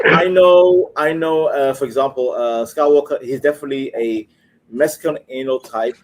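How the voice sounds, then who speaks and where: A man on a live call-in panel, talking in crude, excitable banter and stammering repeats. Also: medium pitch, moderate pace.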